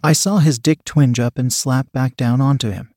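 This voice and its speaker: A man's voice: medium pitch, steady tone, normal speed, darkish tone, no echo. Man narrating, dry and close. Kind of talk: first-person story narration.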